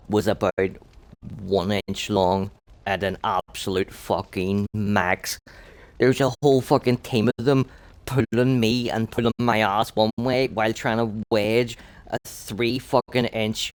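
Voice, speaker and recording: A man streaming a game live, telling a crude anecdote full of profanity. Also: on the low side. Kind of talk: profane storytelling while gaming.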